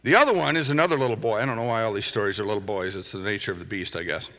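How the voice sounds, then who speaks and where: A man's voice: on the low side, rapid-fire, pushed and bright. A middle-aged male pastor preaching a conversational sermon, telling anecdotes with chuckling asides. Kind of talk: sermon with storytelling. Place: church sanctuary. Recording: long hall reverb.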